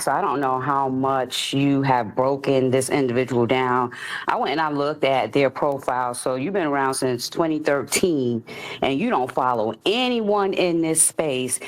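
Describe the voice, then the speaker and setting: Confrontational woman scolding in an online chat. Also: sits low. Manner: confrontational, scolding, repeats herself. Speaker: participant in a live audio chat room. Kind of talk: heated online discussion.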